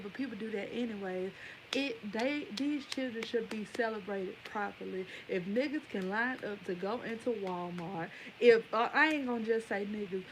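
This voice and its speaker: Woman in her twenties, casual vlog rant, emphatic, rambling, slightly high voice. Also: a little hiss or hum, poor audio. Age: 20s. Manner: rambling, emphatic, talks directly to viewers. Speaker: vlogger. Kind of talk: casual opinion rant to camera.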